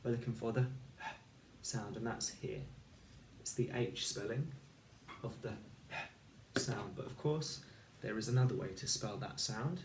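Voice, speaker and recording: A man teaching a recorded phonics lesson for children, speaking slowly and clearly and sounding out each letter and word. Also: on the low side, slight background noise. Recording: echoey room, voice a little far from the mic.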